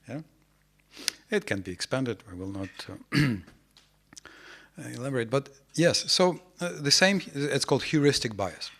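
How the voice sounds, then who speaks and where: A man's voice: medium pitch, animated, normal speed, a bit bright. Man giving a rambling scripture class. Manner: rambling, many fillers and restarts, rhetorical questions to the audience. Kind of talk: informal scripture lecture. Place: temple hall before a small audience.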